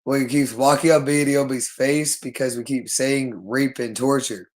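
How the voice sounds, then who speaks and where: Male livestreamer, unscripted solo monologue, insistent and repetitive, middle pitch. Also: fairly even intonation, normal speed, rough recording.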